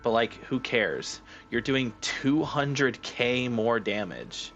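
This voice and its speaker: A man's voice: mid-range voice, expressive, slow, a bit bright, highs cut off, soft background music. A young man streaming a video game, chatting casually and joking with his cat. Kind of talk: casual live-stream chat.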